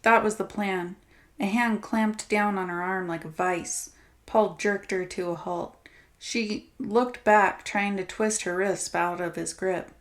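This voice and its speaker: A woman narrator reading a horror anthology story with steady, dramatic storytelling. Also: lowish voice.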